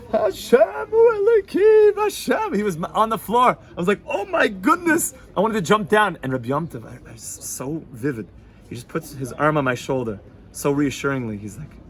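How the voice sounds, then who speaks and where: A man, a rabbi, giving an informal Torah class in a yeshiva hall, sprinkling Yiddish and Hebrew words into casual talk and swinging between loud and hushed. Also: on the high side. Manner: animated, swings from loud to hushed, laughs easily.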